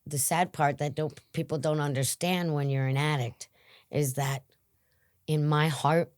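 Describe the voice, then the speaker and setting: Low slow-spoken woman guest. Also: steady tone, a little mellow, smooth, no echo, studio quality. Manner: earnest and reflective, dropping to whispers. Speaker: guest in recovery. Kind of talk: interview conversation.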